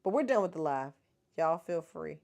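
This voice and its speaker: A woman's voice: low-pitched, animated, normal speed, vocal fry, darkish tone. A middle-aged woman, chatting casually with viewers as the host of a livestream. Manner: chatty, laughs often, talks to viewers as y'all.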